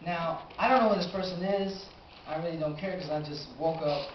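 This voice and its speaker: An eighteen-year-old man telling a personal story on stage, animated and acting out his own reactions. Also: a little high, a little fast, a little hiss or hum. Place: live stage in a small cafe venue. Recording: roomy, dull amateur live recording.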